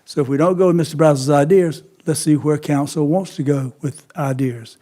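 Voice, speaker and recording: A man, a county council member speaking in a halting, conciliatory way at a meeting. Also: a little high, mellow.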